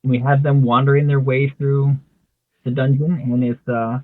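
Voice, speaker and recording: A man's voice: mid-range voice, normal speed, no echo. A man in casual chat, walking through his comic pages and lightly acting out the characters' lines. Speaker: artist co-host. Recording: tinny phone-like dry sound.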